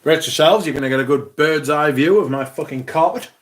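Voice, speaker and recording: A man's voice: fairly high pitch, brisk. A man hosting a casual livestream from his room at home, talking to viewers while he tidies, sweary and theatrical. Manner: sweary, theatrical, grumbling to himself. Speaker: livestream host. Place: room at home, moving about while tidying.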